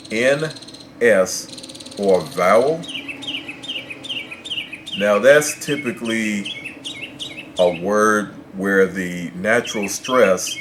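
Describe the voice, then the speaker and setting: A man teaching a Spanish pronunciation lesson in English, measured and repeating his points to make them clear. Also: on the low side. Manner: measured, repeats and rephrases explanations. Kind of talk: explanatory language lesson. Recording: clear background noise with birdsong. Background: birds chirping.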